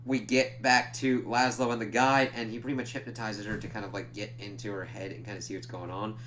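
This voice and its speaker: A man's voice: on the low side, little pitch movement, a little fast, fairly bright tone, a little hiss or hum. A man giving a loose, casual recap of a TV episode, swearing freely and using lots of fillers. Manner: loose, profane, full of "like" fillers. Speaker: TV reviewer.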